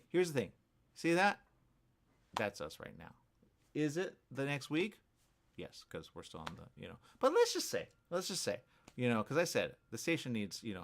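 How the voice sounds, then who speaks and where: Rambling radio host, low-voiced man. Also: vocal fry. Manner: repetitive, hesitant, keeps asking "okay?". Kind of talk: rambling casual monologue.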